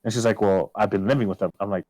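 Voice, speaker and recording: Low-voiced man telling a story, swearing a lot. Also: steady tone, very fast, dry recording, poor audio. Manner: swears a lot, quotes himself loudly. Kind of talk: casual storytelling on a podcast.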